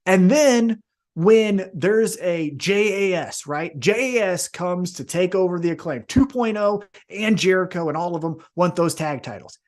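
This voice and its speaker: A man's voice: high-pitched, expressive, a little slow. A man co-hosting a casual podcast, talking animatedly, swearing freely and acting out wrestlers in jumpy voices. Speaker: podcast co-host.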